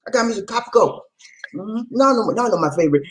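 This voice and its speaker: Man, relationship talk host, live stream, lively up-and-down pitch, keeps repeating himself and asking viewers questions. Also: quick pace, poor audio. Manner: animated, repeats phrases, calls out to viewers.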